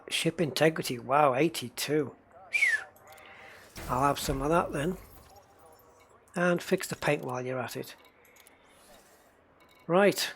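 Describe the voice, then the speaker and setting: Gamer host, male, gravelly voice, rambling casual commentary with chuckles, faint hiss behind. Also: fairly high pitch. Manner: chatty, talks to himself and the game, chuckles often. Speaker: gamer narrating his play.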